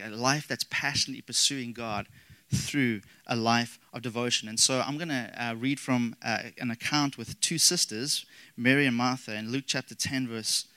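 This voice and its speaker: A man delivers a sermon as pastor, with a bright, forward tone. He speaks earnestly, lifting his emphasis and dropping into casual asides. The sound is dry and close. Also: mid-range voice, clear, resonant tone, no echo, poor audio.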